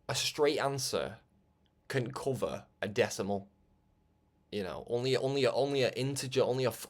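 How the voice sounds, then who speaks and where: Rambling man giving spiritual talk. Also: medium pitch. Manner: rambling, conversational, laughs often, restarts and stammers. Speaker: religious broadcaster.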